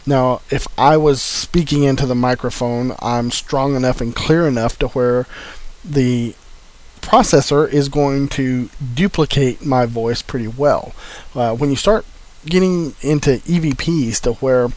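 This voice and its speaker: A man's voice: mid-range voice, measured pace, a little mellow. A man giving informal practical instructions on recording gear, talking plainly with frequent fillers.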